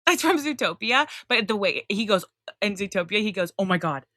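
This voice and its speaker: A woman's voice: medium pitch, animated, normal speed, sharp tone, no room sound, studio quality. A woman co-hosting a podcast in casual chat, blunt and teasing, swearing casually. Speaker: podcast co-host.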